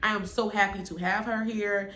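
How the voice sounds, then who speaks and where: A woman's voice: medium pitch, steady tone, normal speed, fairly bright tone. A young adult woman, talking to camera in an earnest, casual story-time vlog and repeating phrases for emphasis. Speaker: vlogger. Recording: echoey room with faint background hum.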